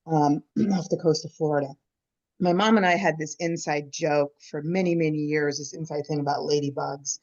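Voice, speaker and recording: Woman, low voice, halting casual storyteller, muffled call audio. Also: a little mellow. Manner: halting, repeats words when starting. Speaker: newcomer in an online group.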